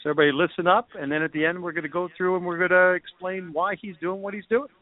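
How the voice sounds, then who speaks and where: A man's voice: sits high, steady tone, rapid-fire, background noise. A man hosting a casual call-in show, talking in a rambling, chatty way with many fillers. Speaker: podcast host. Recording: dry tinny phone line.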